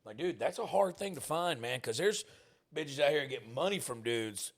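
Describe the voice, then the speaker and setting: A man who is a podcast guest, loud, crude and excitable in casual chat. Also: medium pitch, normal speed.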